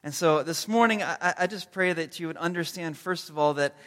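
A man preaching a sermon as pastor, earnest and gentle, with comic asides in other parts. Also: on the high side, brisk, in a large hall. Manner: comedic storytelling with acted-out quotes.

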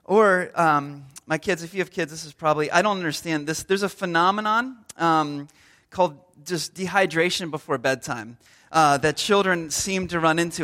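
A man's voice: a little high, normal speed, sharp tone. A man in his thirties giving a loose, humorous sermon as a pastor, telling everyday stories with lots of fillers and restarts. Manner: humorous storytelling, acts out little scenes. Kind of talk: conversational sermon.

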